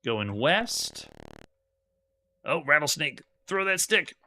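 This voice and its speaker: A man with a fairly high, very animated voice, pushed and bright, speaks slowly while streaming a vintage adventure game. His live commentary mixes reading the screen text aloud with chatting to viewers between commands.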